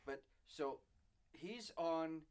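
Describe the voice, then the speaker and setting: A middle-aged man co-hosting a casual chat, telling stories in a chatty, animated way. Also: on the high side, clean tone. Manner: chatty, animated, quick to jump in.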